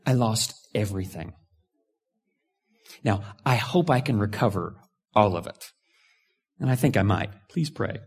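Gravelly-voiced pastor telling a story. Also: male voice, fairly low pitch, measured pace, long pauses. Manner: storytelling, animated swings from hushed to loud. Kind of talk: sermon.

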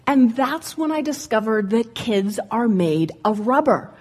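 Husky, lively woman telling comic stories. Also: a little high, measured pace. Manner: lively, comic, acts out voices. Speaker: public speaker, former ski instructor. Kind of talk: humorous storytelling speech. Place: room with an audience.

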